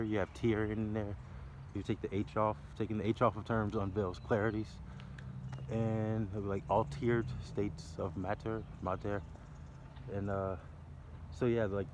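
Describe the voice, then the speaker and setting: A man's voice: fairly low pitch, a little mellow, a little hiss or hum. A man vlogging on a walk outside, rambling playfully through wordplay and laughing often, with passing cars in the background. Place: outdoors by a library building near traffic. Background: passing cars and city sounds.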